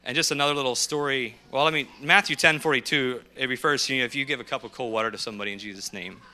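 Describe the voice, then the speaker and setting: Bright-voiced man telling sermon stories. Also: mid-range voice, racing. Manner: lively anecdotal storyteller who acts out quotes. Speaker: missionary speaking to a congregation. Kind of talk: storytelling sermon. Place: speaking at a podium.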